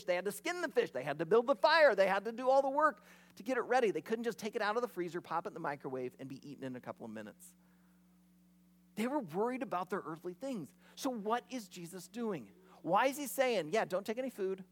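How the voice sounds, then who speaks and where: A pastor preaching a sermon in a conversational, storytelling way. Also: mid-range voice.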